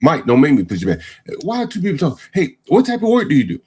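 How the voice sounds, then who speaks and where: A man's voice: a little high, wildly swooping pitch, fast, dark tone, husky. A man hosting a live call-in show, badgering a caller and repeating his questions. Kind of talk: confrontational call-in talk.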